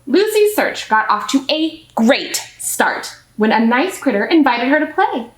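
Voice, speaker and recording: Woman librarian, children's storytime, high lively voice, quizzes the kids, echoey room, faint music. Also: unhurried. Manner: animated, asks the audience questions. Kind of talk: reading a picture book aloud to children.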